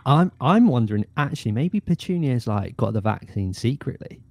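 A man, a guest actor chatting casually, animated and often laughing. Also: medium pitch, moderate pace, dry recording. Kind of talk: casual chat.

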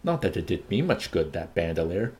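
A man reading as a weepy, stout older woman, spilling out a rambling torrent of words. Her voice rises and falls in a lively, sing-song sweep as she gushes on through her tears. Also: sits low, brisk, voice pushed down. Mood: tearful gushing. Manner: tearful, rambling, gushing.

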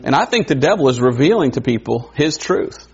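A man preaching a sermon in a conversational way, wondering aloud and adding quick asides. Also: medium pitch, very animated, slightly rough. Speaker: pastor. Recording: dull lo-fi recording.

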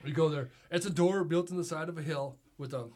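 A man's voice: on the high side, fairly quick, a little mellow, a little hiss or hum. A middle-aged man, a podcast guest, telling casual anecdotes, swearing freely and laughing often. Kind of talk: casual chat, storytelling.

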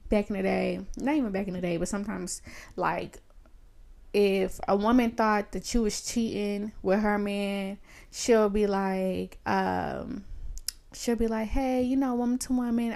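A woman's voice: medium pitch, creaky. A woman in her thirties hosting a podcast, ranting in a blunt, profane, emphatic casual style. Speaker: podcast host. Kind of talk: casual solo rant.

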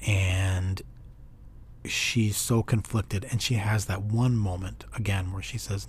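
A man casually reviewing a film in a rambling monologue, full of restarts and animated retelling. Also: on the low side, slow, a little hiss or hum.

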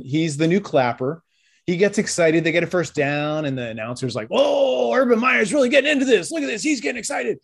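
A man co-hosting a sports podcast in casual, joking chat, acting out little quoted voices. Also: fairly high pitch. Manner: animated, jokey, acts out quoted voices. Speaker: podcast co-host.

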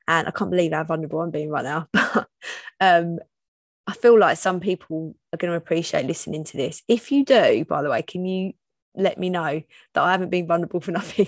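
Woman in her thirties, low voice. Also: no room sound, clean studio sound. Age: 30s. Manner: open and personal, with restarts. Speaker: podcast host. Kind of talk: solo podcast monologue.

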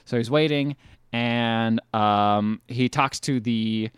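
A man's voice: medium pitch, slow, clean tone, no echo, clean studio sound. A man co-hosting a podcast, recapping a film in casual chat, acting out the characters and swearing now and then. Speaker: podcast co-host.

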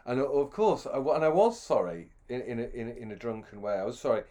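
A man's voice: medium pitch, animated, fast talker, warm tone. A middle-aged man telling a long, self-deprecating anecdote with many restarts. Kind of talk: anecdotal storytelling.

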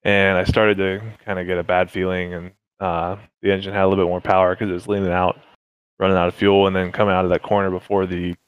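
A man's voice: deep voice, level tone, fast talker, smooth, no room sound, highs cut off. A man, a racing driver, talking casually through a race with many fillers and restarts. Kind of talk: casual interview chat.

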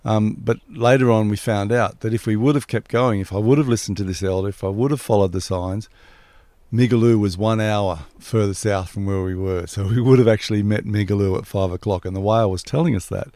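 A man with a low, gravelly voice speaks in a relaxed, reflective way. He tells a story in casual conversation. The sound is dry and close. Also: no room sound. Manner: reflective, spiritual, unhurried.

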